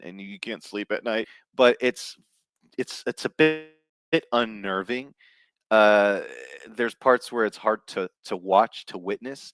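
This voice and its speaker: A man's voice: on the low side, fairly bright tone, no room sound. A man giving a rambling, frank, casual film review, with laughs and fillers along the way. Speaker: vlogger reviewing films. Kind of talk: casual rant to camera.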